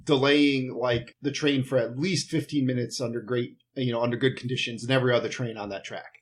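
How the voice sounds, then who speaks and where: A man co-hosting a casual movie podcast, retelling the plot in a rambling way with laughs and quick put-on voices. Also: mid-range voice, steady tone. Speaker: podcast co-host. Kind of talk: casual movie recap chat.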